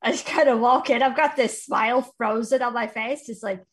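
A woman's voice: on the high side, fairly quick, breathy edge. A woman playing in a tabletop game, chatting casually and playfully. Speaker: player.

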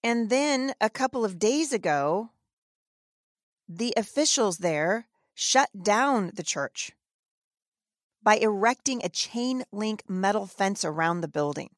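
A woman hosts her own opinion podcast in an emphatic, indignant tone. She often stumbles and restarts mid-sentence as she presses her points. Her voice sits in an ordinary middle pitch, recorded dry with no room sound. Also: expressive, slow pace, no room sound. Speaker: podcast host. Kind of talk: opinion commentary.

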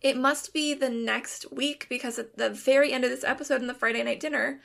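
A woman's voice: high voice, steady tone, brisk, creaky, fairly bright tone. Chatty woman podcast co-host. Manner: chatty, laughs often, many "like" fillers. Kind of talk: casual chat.

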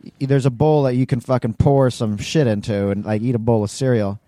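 A man co-hosting a relaxed podcast, full of crude jokes and playful teasing. His voice has a mellow, warm darkness at a middle pitch, and the sound is close and dry. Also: a little fast, dry recording. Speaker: podcast co-host. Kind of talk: casual chat.

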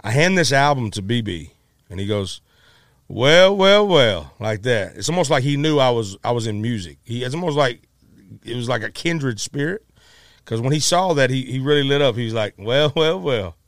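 A middle-aged man, a musician, telling a story in a casual, animated way, acting out quotes with many restarts. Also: mid-range voice, a little fast, no room sound, studio quality.

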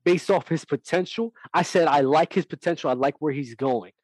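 A man's voice: on the high side, normal speed, breathy edge, dry recording, rough recording. A man co-hosting a heated sports debate podcast, blunt and firmly repeating his points. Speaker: podcast co-host.

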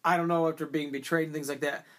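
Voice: medium pitch, flat delivery, fast, a bit bright. A podcast co-host in a casual movie discussion, rambling with many fillers and restarts and swearing freely.

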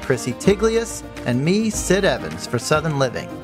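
A man's voice: fairly high pitch, wildly swooping pitch, normal speed. A man hosting a podcast, thanking his guest and reading a scripted closing. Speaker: podcast host. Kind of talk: scripted outro read. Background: music.

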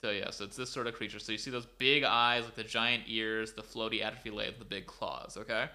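A man's voice: fairly low pitch, fairly even intonation, fairly quick, bright, forceful tone. A man co-hosting a podcast, retelling a story casually over a video call, filling it with "like" and "um". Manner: rambling, filler-heavy. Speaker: podcast co-host.

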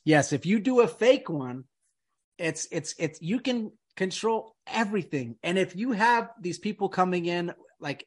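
A man's voice: high voice, animated, moderate pace. A man hosting a casual podcast, rambling and emphatic, peppering his talk with dude and man. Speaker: podcast host. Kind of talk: casual conspiracy podcast chat.

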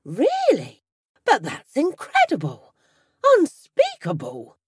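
Storybook role: a high, loud, stammering politician, put on by a woman, rattled and jumpy. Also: wildly swooping pitch, takes it slowly, dry recording, clean studio sound, exaggerated voice. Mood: incredulous. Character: nervous, stammering male politician. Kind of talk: storybook reading.

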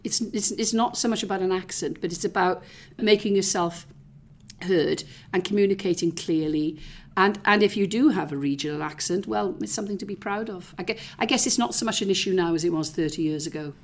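A woman's voice: fairly low pitch, brisk. A middle-aged woman from the South Wales valleys with a Welsh accent, talking in an interview and reminiscing in a chatty way with many fillers and restarts. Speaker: interview guest. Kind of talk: reflective conversational interview.

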